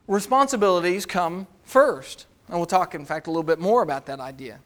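A man's voice: high-pitched, animated, normal speed, few pauses. A man preaching a sermon as pastor, asking the congregation rhetorical questions and acting out the voices of the people he quotes.

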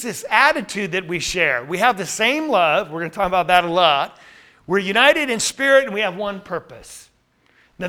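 A man's voice: sits high, pushed and bright. A man teaching a Bible study class, reading scripture aloud and asking the group questions.

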